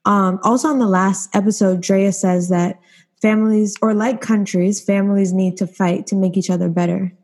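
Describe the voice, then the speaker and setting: A woman hosting a casual discussion, posing questions and sharing measured thoughts. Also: medium pitch, steady tone, darkish tone. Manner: leads with questions, measured and reflective. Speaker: discussion host.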